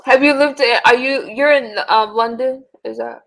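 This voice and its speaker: A woman's voice: sits high, fairly even intonation, moderate pace, a bit bright. A woman guest on a video-call panel, speaking hesitantly and filling her sentences with "like". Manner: hesitant, filler-heavy, lots of "like". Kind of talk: casual chat.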